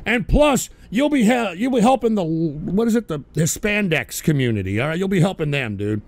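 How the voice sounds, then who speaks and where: A man hosts his call-in stream in a rambling, profane way. His voice sits high for a man and swings wildly in pitch. He flares up quickly when provoked. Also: very animated. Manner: hot-tempered, swearing, rambling. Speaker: internet radio host.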